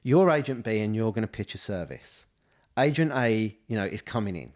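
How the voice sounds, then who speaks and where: A man's voice: on the low side, expressive, moderate pace, darkish tone. A man co-hosting a casual podcast, rambling through his points with many restarts and fillers. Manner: rambling, full of restarts and "you know". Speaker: podcast co-host, estate agent. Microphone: studio podcast mic.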